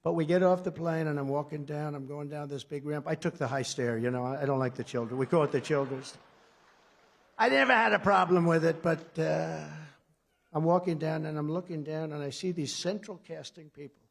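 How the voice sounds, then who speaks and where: A man in his seventies from the United States, his voice pitched fairly high with a gravelly, creaky edge. He talks off-script in a rambling, sarcastic rally style, swinging from loud emphatic lines to murmured asides. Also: fairly quick. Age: 70s. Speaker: political speaker at a conference. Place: large conference hall before an audience.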